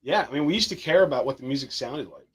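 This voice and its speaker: A man hosting a podcast in casual chat, animated and swearing casually. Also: medium pitch, fast, breathy edge. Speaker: podcast host.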